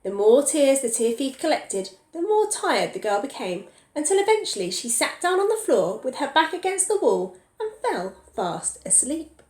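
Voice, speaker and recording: A woman teacher reading a picture book aloud to young children, pausing to ask them questions. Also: high-pitched, big pitch swings, darkish tone, reverberant.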